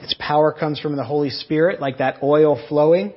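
A man's voice: on the high side, fairly even intonation, moderate pace, slightly rough, muffled recording. A man preaching a sermon, earnestly explaining and retelling a story. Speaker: pastor.

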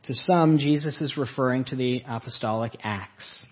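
Husky-voiced male pastor preaching. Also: medium pitch, normal speed, dull audio. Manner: earnest, asks the congregation questions. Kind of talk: sermon. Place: church sanctuary.

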